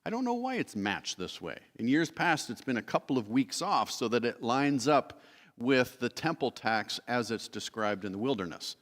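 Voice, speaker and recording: A man's voice: mid-range voice, sing-song, a bit bright. Man teaching scripture in a reverberant hall. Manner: explanatory, pausing to correct himself, reading verses aloud. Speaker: preacher teaching a Bible study. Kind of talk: Bible teaching sermon. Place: church sanctuary.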